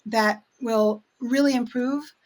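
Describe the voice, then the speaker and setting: A woman's voice: fairly high pitch, fairly even intonation, slow. A woman who roasts coffee, chatting casually in an interview and explaining things with plenty of fillers.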